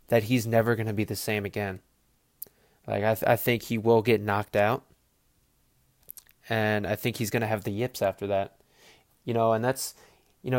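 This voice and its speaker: A man's voice: on the low side, no echo, studio quality. A man hosting a football podcast in a loose, rambling way, swearing freely and acting out players' voices in his asides. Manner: rambling, profane, animated asides with quoted voices. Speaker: podcast host. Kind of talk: casual football commentary.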